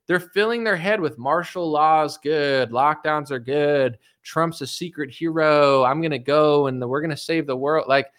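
A man hosting his own show, ranting casually about politics in a rambling, animated way, full of "like" and restarts. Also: fairly high pitch. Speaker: political commentary host. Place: home recording setup.

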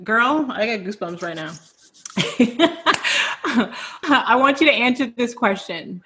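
A woman's voice: a little high, expressive, slow pace, slight background noise. A woman hosting a virtual podcast celebration over a video call, effusive and close to tears as she praises her guests. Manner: effusive, tearful, warm affirmations. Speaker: podcast host. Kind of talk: emotional virtual event hosting.

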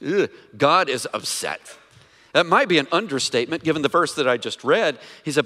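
Preaching at normal speed, this pastor sounds animated, bright and forceful, his voice on the high side as he speaks conversationally and questions the congregation. Long hall reverb from the church sanctuary colors the sound.

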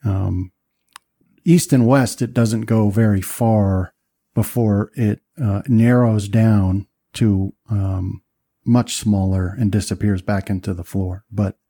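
A man narrating as game master, describing scenes with many pauses and fillers. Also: lowish voice, steady tone, mellow, dry recording, clean studio sound.

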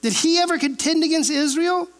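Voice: extremely high pitch, a little fast. A pastor teaching a verse-by-verse Bible sermon in a conversational way, emphatic and repeating phrases for weight, often checking in with listeners through rhetorical questions.

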